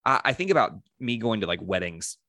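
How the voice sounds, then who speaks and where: A man's voice: lowish voice, big pitch swings, a little fast, pushed and bright, no echo. A man in casual podcast conversation, thoughtful and encouraging, with hesitant restarts.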